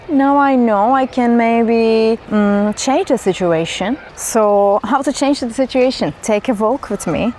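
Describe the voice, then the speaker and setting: Woman, spontaneous spiritual talk, musing, rhetorical questions, outdoors in a forest, faint background noise. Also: mid-range voice. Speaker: spiritual vlogger.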